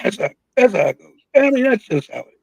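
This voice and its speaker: A man in his sixties telling stories as a guest in a casual interview, animated and joking, acting out quotes with big jumps in his voice. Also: high-pitched, fast, gravelly, breathy edge, no room sound, poor audio. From Philadelphia. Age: 60s. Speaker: guest, veteran rapper.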